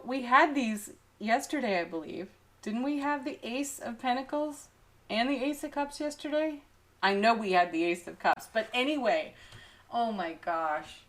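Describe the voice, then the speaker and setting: A woman reading tarot cards at an unhurried, leisurely pace, her voice pitched in an ordinary middle range. She often breaks into small giggles and gushes over the cards. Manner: frequent giggles, warm enthusiastic exclamations. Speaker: tarot reader. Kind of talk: daily tarot card reading.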